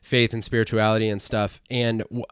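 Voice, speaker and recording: A man's voice: fairly low pitch, little pitch movement, brisk, a bit bright, clear, resonant tone, no room sound. A man co-hosting a casual podcast chat, rambling with lots of fillers and restarts. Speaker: podcast co-host.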